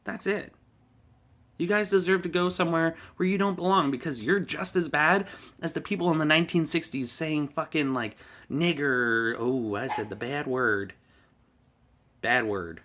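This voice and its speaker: A man's voice: a little high, moderate pace, a bit bright. A man vlogging a heated, profane political rant, swearing often and laughing at his own jokes.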